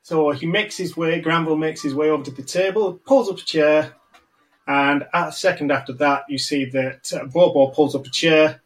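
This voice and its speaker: A man running a tabletop game as game master, narrating in a relaxed, conversational way. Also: on the high side, normal speed, soft background music, poor audio.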